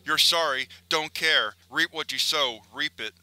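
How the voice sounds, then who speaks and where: A man's voice: on the high side, a little slow, pushed and bright, dry recording, poor audio. A man voicing a paranoid, threatening male cartoon pelican who bullies and demands approval. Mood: vicious.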